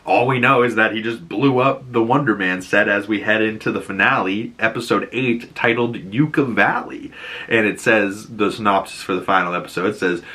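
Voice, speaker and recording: Bright-toned Boston man recapping a show. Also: fairly low pitch. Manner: chatty, loose retelling, acts out characters' lines in quick voices. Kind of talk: casual recap commentary.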